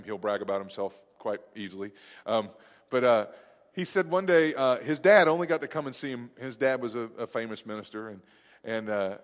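A man's voice: mid-range voice, in a large hall. A man preaching a sermon as pastor, in a conversational, rambling way with many restarts and asides.

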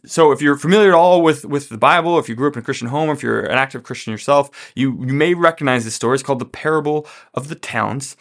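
A man's voice: mid-range voice, gravelly, fairly bright tone. A man hosting a podcast, teaching about money from a Bible story in a casual way and often checking in with "right?". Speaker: podcast host.

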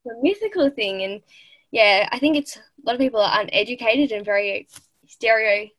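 A woman's voice: on the high side, normal speed, fairly bright tone, no echo. A nineteen-year-old Australian woman, a podcast guest, chatting earnestly and upbeat in an interview. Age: late teens. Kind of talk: casual interview chat.

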